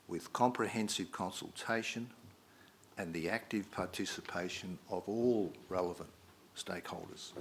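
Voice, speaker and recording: Low-voiced middle-aged man, measured formal speaker, slight background hiss. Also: fairly bright tone. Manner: measured, reads quotations aloud with emphasis. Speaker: debate speaker. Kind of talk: formal prepared speech.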